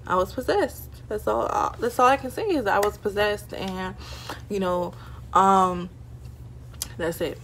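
A young woman telling a casual storytime vlog, chatty and animated, full of "like" and "y'all" fillers. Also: mid-range voice, a little slow, gravelly. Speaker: vlogger. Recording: faint background noise.

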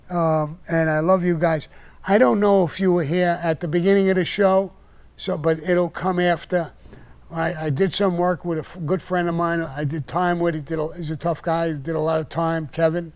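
A man's voice: on the high side, fairly even intonation, moderate pace, darkish tone. Blunt, profane older man. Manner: blunt, profane, heated when ranting. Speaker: podcast host telling stories. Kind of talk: casual storytelling on a live stream.

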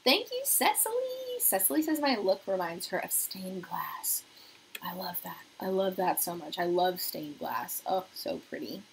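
A young woman hosting a beauty livestream from her apartment, chatting casually while doing her makeup and reading viewer comments aloud, sometimes dropping to a soft murmur. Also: fairly low pitch, sing-song, unhurried, gravelly, a little hiss or hum, low-quality recording. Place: home apartment.

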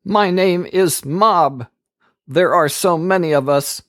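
A man voicing a tormented demon-possessed man who begs in high, strained cries while reading scripture aloud. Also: takes it slowly, a bit bright, no echo, clean studio sound. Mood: begging.

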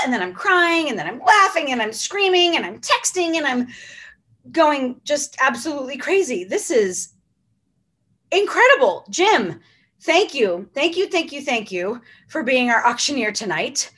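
A middle-aged woman emceeing a charity auction from home, effusive and chatty with quick asides. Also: sits high, sing-song, fairly bright tone. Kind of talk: casual live-stream hosting.

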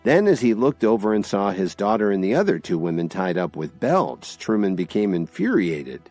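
Brief: male audio-drama narrator, low and lively, soft music bed. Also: normal speed, few pauses. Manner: expressive storytelling.

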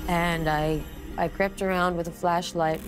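A woman with a fairly low voice recounts her encounter in a documentary interview, hushed and suspenseful. Her telling is earnest. An eerie music score plays clearly beneath her. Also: level tone, measured pace. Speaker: celebrity guest telling a ghost story.

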